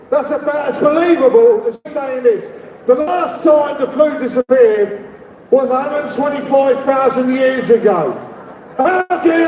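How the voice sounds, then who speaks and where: A middle-aged man with a London accent holds forth at a public rally, rambling between asides and shouted demands. His voice sits very high for a man. He is picked up from a distance, with a long echo and a faint crowd murmuring behind him. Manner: rambling, shouts out demands, leads call-and-response. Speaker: activist speaker at a rally. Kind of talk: rally speech. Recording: echoey, distant, with crowd noise. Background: faint crowd and ambient noise.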